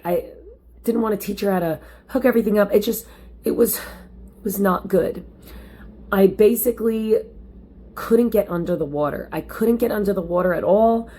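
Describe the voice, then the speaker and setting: A woman vlogger with an alto voice tells a personal story at home, chatty and animated, speaking straight to her viewers. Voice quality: low alto voice. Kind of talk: casual personal storytelling to camera. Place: at home, lit by window light.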